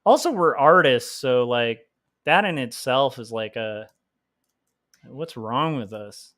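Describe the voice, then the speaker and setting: Male streamer, easygoing and self-deprecating, talks in loose rambling asides at a middling pitch. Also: lively intonation, slow pace, a bit bright. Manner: rambling with many fillers, self-deprecating, laughs often. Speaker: livestream host and comic artist. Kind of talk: casual chat while drawing.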